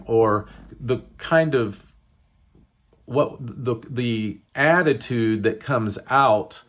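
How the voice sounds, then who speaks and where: Man, mid-pitch, slow and halting; earnest unscripted coaching talk. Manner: halting, many restarts and fillers, earnest. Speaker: wellness coach. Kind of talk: unscripted teaching to camera.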